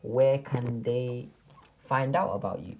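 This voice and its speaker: A man's voice: mid-range voice, takes it slowly, dark tone. A podcast host, hyping his guest up in playful slangy chat.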